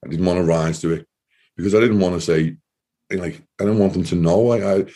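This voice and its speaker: Man, deep voice, husky, mellow, casual rambling storytelling, lots of fillers. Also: fairly even intonation, a little fast. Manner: rambling, many "you know" fillers. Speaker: interview guest.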